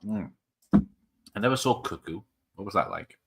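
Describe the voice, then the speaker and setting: A man's voice: on the low side, big pitch swings, a little slow, creaky, husky. A man hosting a casual film watch party online, joking and rambling with frequent laughs. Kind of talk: casual chat over a film.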